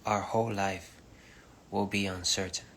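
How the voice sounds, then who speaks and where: On a home livestream captured by phone or webcam, a man preaches an informal spiritual message, switching between English and Spanish. His voice is low and flat, soft-spoken and halting, with many pauses and fillers. Slight background noise is present.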